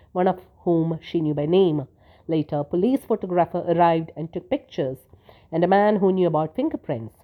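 A woman narrating a short story aloud in a steady, even storytelling manner. Her voice is on the low side. The recording is thin and tinny, like a phone line.

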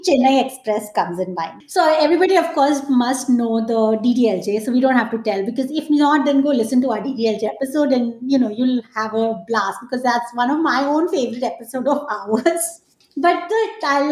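A woman co-hosting a podcast, chatting casually about films with frequent laughs. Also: a little high. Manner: animated, laughs often while talking. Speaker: podcast co-host. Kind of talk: casual film chat. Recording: roomy echo.

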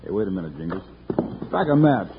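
A calm, commanding frontier marshal who speaks firmly and with authority. The recording is a muffled old radio broadcast with clear hiss. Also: male voice, sits low, fast talker. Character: steady, commanding US marshal hero. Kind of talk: 1950s radio western acting.

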